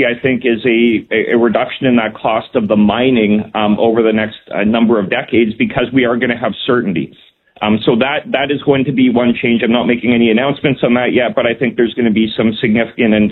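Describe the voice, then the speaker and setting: A man, a provincial minister, defending policy in a radio interview, measured and full of ums. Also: mid-range voice, a little hiss or hum. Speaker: provincial cabinet minister, guest. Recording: tinny phone line.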